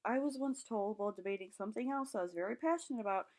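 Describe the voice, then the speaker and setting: A woman's voice: mid-range voice, fast talker, darkish tone. A young woman speaking in a personal vlog, impassioned, her voice rising and falling as she talks. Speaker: vlogger. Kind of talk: passionate personal vlog monologue.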